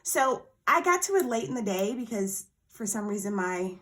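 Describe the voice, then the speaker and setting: A woman vlogger chatting casually through an unboxing, bubbly and excitable, gushing over small surprises. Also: medium pitch, normal speed. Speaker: planner vlogger.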